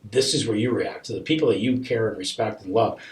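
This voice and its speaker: A middle-aged man with a lowish voice speaks as a guest in a podcast conversation. He tells his story earnestly and with feeling, often dropping to a hushed near-whisper. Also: quick pace, echoey room.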